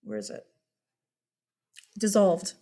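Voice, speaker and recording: A woman's voice: slow, dark tone. A woman teaching a history lesson in a casual, chatty way, asking rhetorical questions and calling her listeners guys. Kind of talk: casual classroom lecture.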